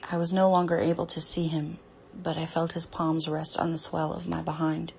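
A young woman performing an intimate audio role-play, reading a story aloud in a halting, breathy voice that often drops to a whisper. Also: low voice, flat delivery, darkish tone, a little hiss or hum.

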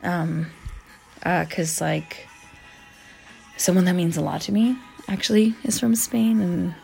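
A young woman vlogger talks through a story in a loose, chatty way, leaning on "like" and dropping the odd curse. Her voice sits a little low and slides into gravelly fry. Soft music plays faintly underneath. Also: measured pace, low-quality recording. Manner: chatty, heavy on "like" fillers and swearing; animated, acts out quoted voices. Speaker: vlogger answering viewer questions. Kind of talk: casual storytelling.

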